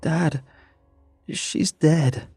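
A man voicing a frightened young woman who pleads and shouts in desperation. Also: mid-range voice, lively intonation, slow pace, vocal fry, breathy edge, no echo, soft background music, voice pushed up, full character voice. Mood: panicked.

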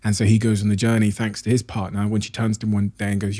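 A man hosting a podcast, asking long, measured questions and retelling stories to set them up. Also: fairly low pitch, level tone, mellow. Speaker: podcast host interviewer. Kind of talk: in-depth interview questions.

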